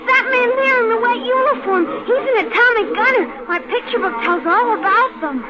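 A woman playing an excitable young boy in a 1950s radio drama, asking tearful, breathless questions. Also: very high voice, normal speed, heavy background noise. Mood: excited. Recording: dull lo-fi old radio recording.

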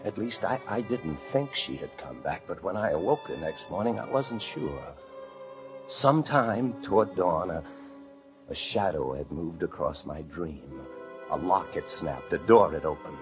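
A man's voice: low-pitched, lively intonation, unhurried. An actor playing a frightened fugitive hiding in an attic, narrating his story in tense, breathless 1940s radio drama style. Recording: muffled old radio recording with music.

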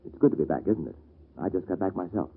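A man's voice: sits low, animated, fast, breathy edge, heavily acted. An actor playing a wry, self-assured male lawyer in an old-time radio drama, with a dry, teasing manner. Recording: lo-fi vintage radio recording.

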